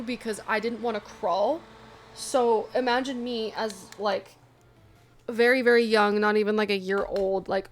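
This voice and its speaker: A young adult woman casually chatting to her viewers, telling a funny story with lively asides. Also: mid-range voice. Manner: chatty, animated retelling with asides. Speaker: vlogger.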